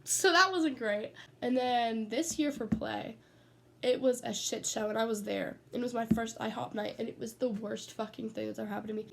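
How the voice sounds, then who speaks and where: A teenage girl vlogs from her bedroom at home, rambling casually through stories and swearing freely as she gets sidetracked. Her voice is a little high and a bit bright, with vocal fry and a moderate pace. There's slight background noise.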